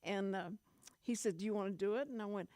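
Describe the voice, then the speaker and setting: A woman's voice: mid-range voice, fast talker, mellow, dry recording, studio quality. A middle-aged woman with a Texan accent, hosting a radio chat show and telling stories in a rambling way with many restarts. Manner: rambling, restarts often, storytelling. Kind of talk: casual on-air chat. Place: radio studio.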